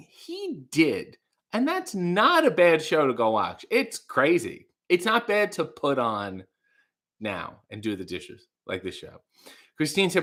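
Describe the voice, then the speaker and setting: A man's voice: medium pitch, big pitch swings, a little slow, bright, forceful tone. A man hosting a casual livestream, reading chat messages aloud, rambling and trailing off into mumbles. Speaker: livestream host.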